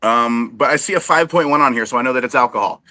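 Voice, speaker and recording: A man's voice: medium pitch, fast talker, pushed and bright, dry recording. A man co-hosting a casual sports podcast, cracking dry self-deprecating jokes. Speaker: co-host.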